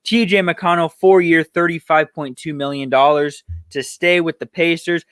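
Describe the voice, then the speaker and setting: A man's voice: on the high side, steady tone, moderate pace, fairly bright tone, smooth, no room sound. A young man hosting a solo sports podcast, ranting heatedly with profanity, then running through roster moves.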